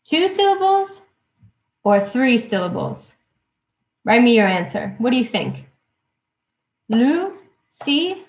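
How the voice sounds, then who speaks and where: A young woman teaching English poetry to children in a live online lesson, speaking slowly and clearly and cheering them on. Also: fairly high pitch, sing-song, reverberant, low-quality recording. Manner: encouraging, slow and clear, counting syllables aloud. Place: at home.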